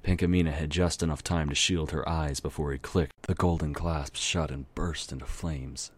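A man reading a dark fantasy story aloud, narrating steadily and now and then correcting himself. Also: a bass voice, steady tone, moderate pace, slightly rough. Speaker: amateur story reader. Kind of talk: dramatic reading of fan fiction.

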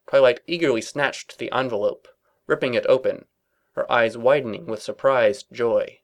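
A man's voice: mid-range voice, normal speed. Man narrating with dry mock seriousness. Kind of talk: reading comedic fan fiction aloud.

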